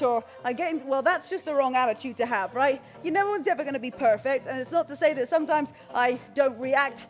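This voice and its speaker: A woman's voice: high-pitched, a little fast, hardly any pauses. A young woman leading a live workout, slightly out of breath as she exercises along. She gives upbeat, encouraging cues and counts, mixed with motivational talk. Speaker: fitness instructor.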